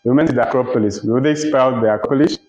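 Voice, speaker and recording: A man teaching a literature lecture, explaining slowly and deliberately, repeating phrases and checking that listeners follow. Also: medium pitch, a little mellow. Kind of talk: recorded lecture. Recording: roomy, dull lo-fi recording.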